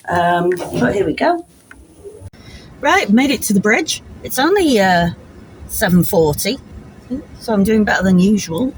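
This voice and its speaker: A woman's voice: fairly low pitch, background noise. A woman, chatting casually and rambling a little, filler words dotted through as she vlogs. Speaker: vlogger. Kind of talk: casual vlog chat.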